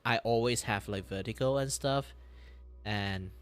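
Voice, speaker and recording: A man chatting casually on a live stream while he draws. He rambles, sounds dizzy and disoriented, and breaks into sudden loud outbursts, swearing and laughter. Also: medium pitch, a little slow, smooth, no room sound, soft background music. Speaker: art streamer.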